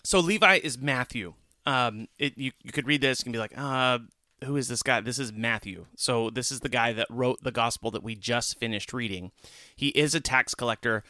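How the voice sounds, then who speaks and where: An earnest man co-hosting a casual Bible discussion, his voice bright and pressing. He sits close to the mic in a dead, dry space and grows animated as he retells the story. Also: medium pitch, moderate pace, no room sound. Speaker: podcast co-host.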